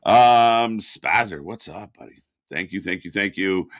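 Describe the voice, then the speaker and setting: A man's voice: low-pitched, a little slow, no room sound. A man co-hosting a live wrestling watch-along stream, chatting casually, laughing often and greeting chat viewers by name.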